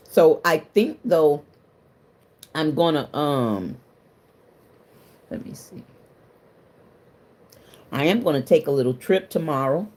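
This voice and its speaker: A woman's voice: sits low, animated, slow pace, pauses often, a little mellow. A woman hosting a casual livestream, chatting with viewers and greeting them by name, emotional and confiding, laughing often. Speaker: livestream host.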